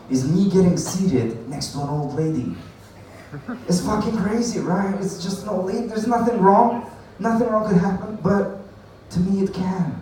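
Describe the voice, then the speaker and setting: This open mic comic has a high-pitched voice with a darkish tone, and he rambles through his set, swearing and laughing at his own material. The room is echoey, the recording distant, with faint noise.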